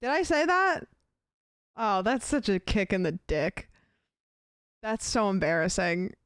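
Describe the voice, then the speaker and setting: A woman's voice: medium pitch, sing-song, a little slow, fairly bright tone, clear, resonant tone, no echo, studio quality. A young adult woman livestreaming from her desk, rambling chattily and thanking donors between stories. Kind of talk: casual stream chat.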